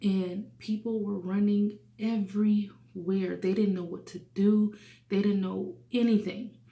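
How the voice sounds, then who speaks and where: A woman's voice: mid-range voice, fairly even intonation, a little slow, echoey room. A woman in her thirties telling a personal testimony in an earnest way, sometimes dropping to a whisper. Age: 30s. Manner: earnest, hushes to a whisper at sad moments. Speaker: testimony speaker.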